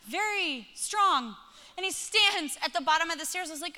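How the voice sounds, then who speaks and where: A woman in her thirties preaching a sermon, telling a family story and acting out the dialogue in an animated way. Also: extremely high pitch, normal speed, a little hiss or hum. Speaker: pastor. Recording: long reverb of a large hall.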